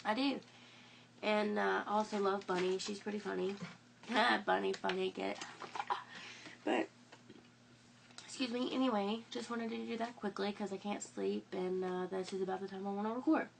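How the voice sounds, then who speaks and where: A woman's voice: mid-range voice, level tone, normal speed, vocal fry, slight background noise. A young woman rambling through a late-night vlog at home, sick and sniffling, with lots of fillers and restarts. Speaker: vlogger.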